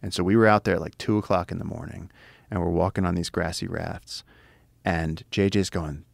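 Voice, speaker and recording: A man in casual conversation, telling an animated, profane adventure story with excitement. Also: sits low, a little fast, creaky, no echo. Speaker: guest, wildlife explorer.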